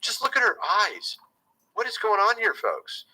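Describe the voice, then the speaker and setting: Man, youtube commentator, casual chat to viewers, bright voice, lively pitch, slightly high, conspiratorial, says "folks". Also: normal speed, husky, poor audio. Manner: chatty, conspiratorial, often says "folks" and "okay".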